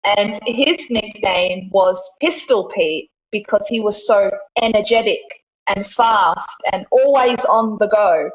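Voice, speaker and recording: A woman's voice: mid-range voice, slow pace, hardly any pauses. Chatty Australian woman, echoey room. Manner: laughs often, cheerful and chatty. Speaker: guest. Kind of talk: casual interview chat. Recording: echoey room, dull lo-fi sound.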